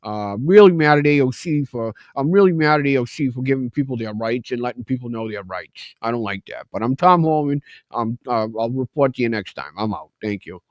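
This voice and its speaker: A man doing a gruff, resentful middle-aged official who sulks as he talks. The words come out mumbled and thick, as if through a lower lip held down. It is a comic impression, pitched somewhat up and recorded dry. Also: expressive, fairly quick, no echo, lightly acted. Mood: sulky.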